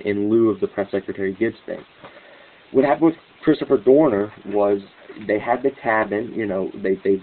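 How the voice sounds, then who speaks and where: A man giving a rambling, excitable commentary monologue as host of his own news channel, with restarts and cynical laughs. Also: on the low side, slight background noise. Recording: tinny phone-like line.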